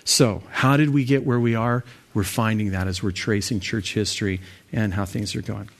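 A man's voice: lowish voice, fairly even intonation, normal speed, gravelly. A man leading an evening Bible study as pastor, talking through scripture in a conversational way with fillers and restarts.

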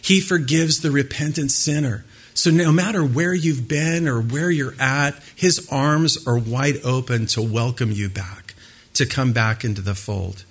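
A man preaching a sermon in a middle-pitched voice. He speaks emphatically and keeps putting questions to his listeners, as a pastor does from the pulpit. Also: measured pace, slightly rough. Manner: asks the audience questions, emphatic.

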